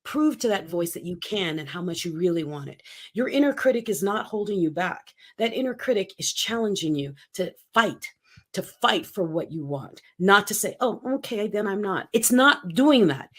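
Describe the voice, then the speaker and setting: A woman in her fifties, a speaking coach giving an energetic, emphatic motivational interview and acting out quotes. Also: mid-range voice, moderate pace. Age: 50s.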